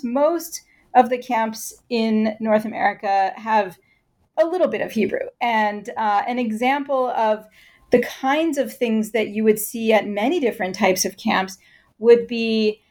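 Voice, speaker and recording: A woman answering interview questions in a measured, explanatory way. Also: a little high, a little mellow. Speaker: scholar guest.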